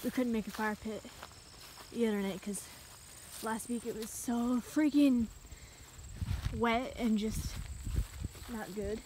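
A fairly high-voiced young woman talks to a handheld camera as she walks outdoors, breathless and rambling. Wind and insects are clearly heard around her voice. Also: steady tone, slow pace, pauses often, a little mellow, low-quality recording. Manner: chatty and rambling, talking while walking. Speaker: vlogger. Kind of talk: casual walking vlog. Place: outdoors in woods and a rural field.

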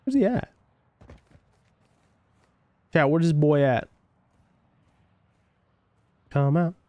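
A man's voice: a little high, animated, drawn-out words, dry recording, lo-fi sound. A young man with a Southern US country twang who does laid-back, slangy live gameplay commentary, reading chat aloud and answering viewers. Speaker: game streamer.

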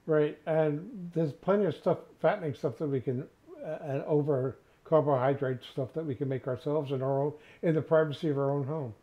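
Older man, jokey co-host, casual chat, slightly high voice, dull lo-fi sound. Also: normal speed, hardly any pauses. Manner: playful, jokey.

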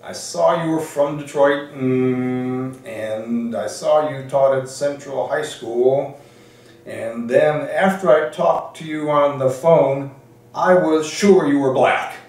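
An older man imitating a slow-speaking senior male law professor who hums "mm" between his phrases. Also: mid-range voice, darkish tone, pitched above the performer's own voice. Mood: slow, polite. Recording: roomy, distant mic with faint noise.

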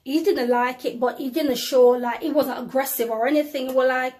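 A woman tells of a vision as a preacher, talking straight to her viewers. Her storytelling swings between emphatic, louder phrases and quiet asides. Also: sits high, steady tone, normal speed, hardly any pauses. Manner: addresses viewers as brothers and sisters, ladies and gentlemen; storytelling with emphatic rises and drops in loudness. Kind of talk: testimony to viewers.

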